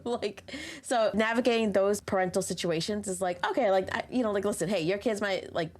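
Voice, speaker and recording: A woman hosting a parenting podcast, talking in a halting, self-deprecating way with soft laughs. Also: medium pitch. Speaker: podcast host. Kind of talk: casual podcast chat.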